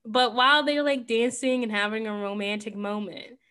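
A young woman co-hosting a podcast, recapping a film in animated casual chat with lots of filler words. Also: fairly high pitch, moderate pace, smooth. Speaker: podcast co-host.

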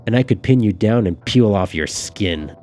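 A man's voice: lowish voice, expressive, normal speed, mellow, lightly acted. A man reading aloud, voicing a stern, threatening young girl who sees herself as grown up, over faint music. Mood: menacing. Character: cold, menacing young girl, feels mature.

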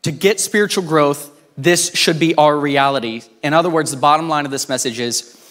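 A man preaching a sermon in a casual, conversational way, telling a story with lively voices for the people in it. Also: a little high, normal speed. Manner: informal and conversational, with restarts. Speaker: pastor.

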